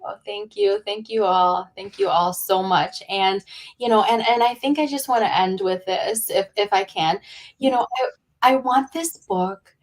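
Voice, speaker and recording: A woman's voice: medium pitch, measured pace. A woman guest on a podcast, speaking earnestly and encouragingly, often repeating her words as she talks. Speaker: guest social worker and author. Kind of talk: podcast interview.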